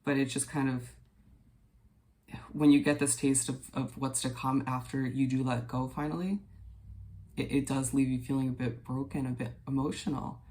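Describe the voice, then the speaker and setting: A man giving a casual daily tarot reading to viewers, gentle and reassuring, unhurried and dotted with fillers. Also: medium pitch, fairly even intonation. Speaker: tarot reader.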